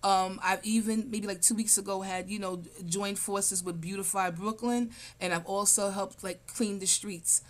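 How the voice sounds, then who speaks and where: A woman's voice: mid-range voice, fairly even intonation, normal speed, few pauses. A woman running for city council, answering interview questions over a video call in a rambling way, full of fillers and restarts.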